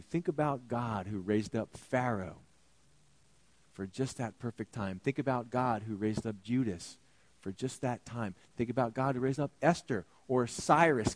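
A male pastor delivering an animated sermon, acting out biblical characters in shifting voices. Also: fairly low pitch, dry recording.

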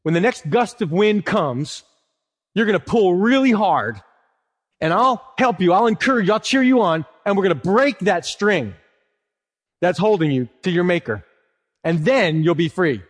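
Brief: a crow that needles and tempts, pitched up high in a reverberant hall, as a preacher puts him on. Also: male voice, animated, normal speed. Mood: taunting. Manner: mocking, coaxing. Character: sly taunting crow, male, tempter.

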